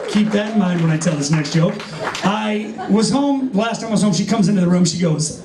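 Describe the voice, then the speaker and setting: A man doing stand-up on a hotel lounge stage, telling his story in an animated way and acting out the dialogue. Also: sits high, brisk, far from the mic, music in the background. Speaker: stand-up comedian. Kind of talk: stand-up comedy set. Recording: echoey lounge, noisy live audience.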